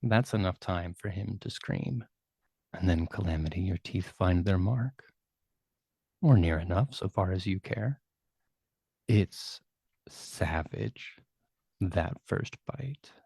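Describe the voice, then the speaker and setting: A man narrating a tabletop role-playing game as game master, with vivid, measured storytelling and hushed dramatic turns. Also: sits low, vocal fry, breathy edge, no room sound.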